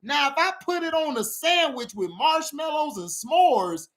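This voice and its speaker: A man hosting a casual sports vlog, ranting animatedly about football, laughing often and shouting for emphasis. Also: extremely high pitch, lively intonation, unhurried.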